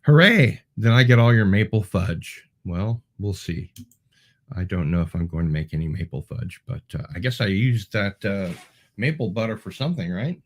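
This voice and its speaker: A man with a slightly low voice hosts a casual livestream and reads out viewer comments. He wanders off on tangents and fills his pauses with ums and false starts. Dry, playful asides come through now and then. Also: animated. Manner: rambling and digressive, with many ums and restarts. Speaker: show host.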